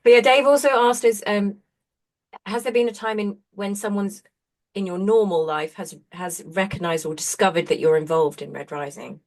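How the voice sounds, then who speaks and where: A woman's voice: mid-range voice, normal speed, darkish tone. A woman, a voice actor hosting a casual chat, talking easily and laughing often. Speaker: voice actor and channel host.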